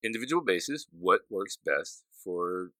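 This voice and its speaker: An easygoing man co-hosting a podcast, who tells stories with animation and laughs a lot. His voice is lowish but very bright. The sound is close and dry, with no room around it. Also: lively intonation, measured pace, no echo. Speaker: podcast co-host. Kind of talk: casual chat.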